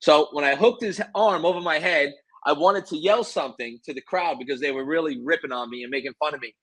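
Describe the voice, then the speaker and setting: A former pro wrestler telling stories in a relaxed interview, animated and boastful. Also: male voice, a little high, quick pace, no room sound, low-quality recording. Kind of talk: casual interview storytelling.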